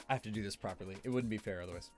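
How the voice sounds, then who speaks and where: A man streamer giving rambling, casual tier-list commentary, laughing often between fillers. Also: lowish voice.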